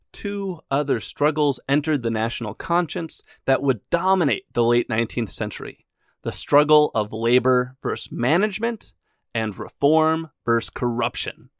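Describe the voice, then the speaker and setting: A history podcast host with a higher-pitched male voice narrates in a scripted yet conversational style, recorded cleanly in a studio with no room sound. He adds his own opinions and wry asides.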